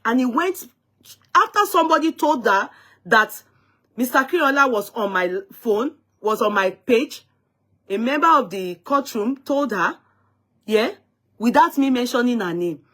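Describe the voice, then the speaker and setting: A woman's voice: a little high, animated, measured pace, fairly bright tone. Emphatic woman hosting a live talk show. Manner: emphatic, indignant, repeats herself. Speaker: host of an online talk show. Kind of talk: live-stream talk show, recounting a dispute.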